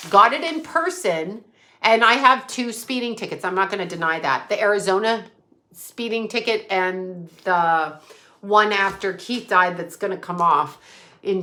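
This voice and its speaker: A woman with a bright, forceful voice hosts a casual livestream and talks directly to her chat. She rambles from one story to the next and swears freely, at an average pitch. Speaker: psychic medium livestream host.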